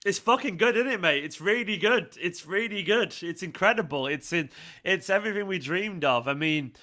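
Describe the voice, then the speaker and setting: A man from the north of England hosting a live fan stream, excitable and emotional, swearing freely. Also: high voice, normal speed. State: emotional after crying. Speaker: fan channel host. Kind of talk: casual live stream chat.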